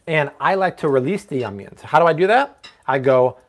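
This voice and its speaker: A man's voice: on the high side, expressive, brisk, fairly bright tone, a little hiss or hum. A man hosting a live-stream cooking show from his home kitchen, chatting playfully and joking with his viewers. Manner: playful, jokey, puts on mock accents.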